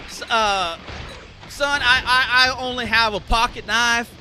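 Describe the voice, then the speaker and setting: A man's voice: very high voice, fairly even intonation, a little slow, bright, forceful tone, a little hiss or hum, voice pushed up, exaggerated voice. A man doing a stammering Southern hunter. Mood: flustered. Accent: put-on Southern US. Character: flustered rural southern man, a hunter on the phone. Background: game music.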